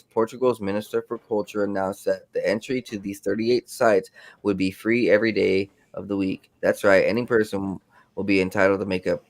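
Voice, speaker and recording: A man's voice: lowish voice, no echo. A man co-hosting a casual podcast, reading news items aloud with stumbles and restarts. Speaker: podcast co-host.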